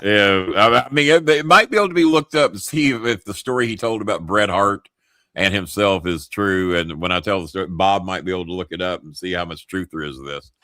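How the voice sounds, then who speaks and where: Guy host, cussing through a long story, low punchy voice, dry close sound. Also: brisk, no echo. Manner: profane, animated anecdote-telling. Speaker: show host. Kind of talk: casual storytelling.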